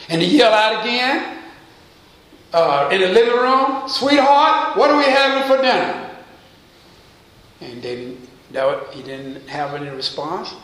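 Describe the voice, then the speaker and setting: A man preaching a sermon as pastor, pausing to quiz his congregation with call-and-response questions. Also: sits high, fairly bright tone, reverberant, rough recording. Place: church.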